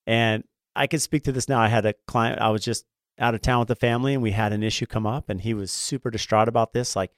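A man who works as a builder, co-hosting a casual conversation and talking fast in a rambling way, full of fillers and restarts. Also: fairly low pitch, steady tone, no echo, studio quality. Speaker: podcast co-host, home builder.

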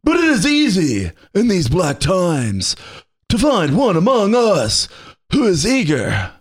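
A man on a casual podcast putting on a slow, drawling surfer-dude voice for a male cleric character. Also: sits high, wildly swooping pitch, husky, pitched above the performer's own voice, full character voice. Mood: mock solemn. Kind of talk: podcast banter with voice impressions.

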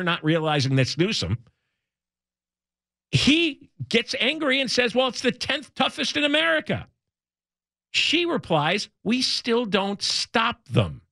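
A man's voice: sits high, sharp tone, no echo, studio quality. A middle-aged male talk radio host delivering an indignant, sarcastic monologue with heavy emphasis.

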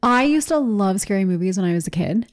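Casual podcast co-host, woman, chatty and animated, laughs through her stories. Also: mid-range voice, fast. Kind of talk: casual chat.

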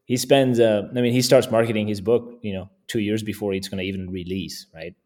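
Man, low-pitched voice, relaxed podcast guest, easygoing, chuckles between thoughts. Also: a little fast. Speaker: guest landscape photographer. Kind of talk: casual podcast conversation.

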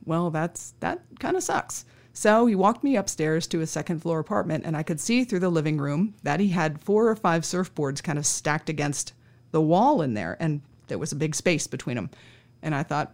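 A woman hosts her podcast, spinning a story from her case files with a dry, wry wit. She talks casually and jumps into the dialogue, her voice sitting a little on the low side. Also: very animated, normal speed, darkish tone. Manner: wry, conversational, acts out dialogue. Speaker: podcast host. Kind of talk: true-crime anecdote storytelling.

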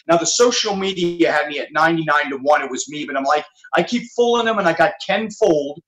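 A man's voice: fairly high pitch, expressive, fast talker, hardly any pauses, fairly bright tone, roomy sound, poor audio. A man, a musician guest on a video call, telling stories with enthusiasm and repeating himself for emphasis. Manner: enthusiastic, storytelling, repeats phrases. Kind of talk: casual interview chat. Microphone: video call from his home studio.

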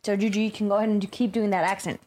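A woman's voice: medium pitch, level tone, racing, a little mellow. A woman co-hosting a casual livestream, cheerfully reading donation messages aloud.

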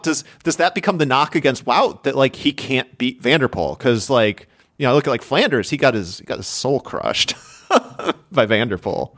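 A man hosting a casual podcast chat and putting questions to his co-hosts in a lively, animated way. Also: mid-range voice, normal speed, no room sound, clean studio sound. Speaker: podcast host.

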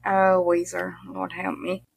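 This interview guest, a middle-aged Mississippi woman who makes pet content, has a lowish, gravelly, slightly rough voice that's monotone and unhurried. She chats casually in a strong Southern accent, laughing frequently and using country turns of phrase.

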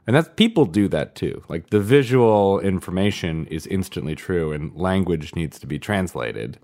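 A man's voice: deep voice, animated, normal speed, a little mellow. A man co-hosting a casual chat about parenting, musing and analytical, often laughing. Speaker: podcast co-host and parent.

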